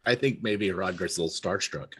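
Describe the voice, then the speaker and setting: A man's voice: sits low, brisk, a bit bright, husky. A man from Central Texas playing in a tabletop game, laid-back and hesitant in casual chat. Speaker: player.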